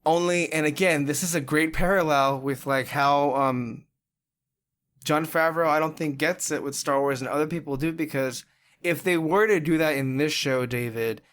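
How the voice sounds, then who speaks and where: A man hosting a podcast in casual chat, talking in an animated way, swearing freely and often laughing. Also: a little high, normal speed, clear, resonant tone. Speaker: podcast host.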